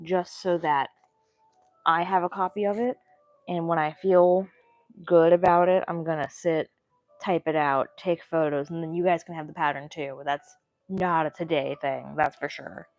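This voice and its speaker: A woman's voice: low voice, steady tone, normal speed, no echo, soft background music, rough recording. A young woman with a morning voice, chatting in an offhand, rambling way while she crochets along on a wearable mic. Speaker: crochet maker and seller. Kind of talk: casual work-along livestream chat. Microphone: wearable microphone.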